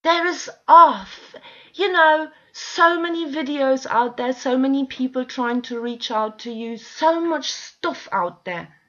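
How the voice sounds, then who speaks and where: A woman's voice: sits high, lively intonation, slow, bright, forceful tone. A woman at home in an impassioned, frustrated monologue to camera, pleading with listeners and swearing often. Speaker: video blogger. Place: at home with dogs nearby. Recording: dull lo-fi recording.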